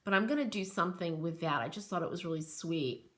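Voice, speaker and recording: A woman's voice: on the low side, fast talker, a bit bright. A middle-aged American woman hosting a live crafting stream, talking in a chatty, rambling way and reading out viewer comments. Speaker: craft channel host.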